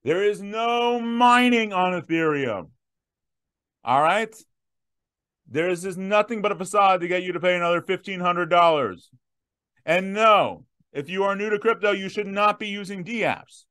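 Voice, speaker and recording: A man in his thirties hosting a viewer Q&A, emphatic and direct, slowing down to stress his points. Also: high voice, animated, a bit bright, clear, resonant tone. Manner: emphatic, punchy repetitions, slows down to stress points. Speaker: host answering viewer questions. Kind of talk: direct-to-camera Q&A.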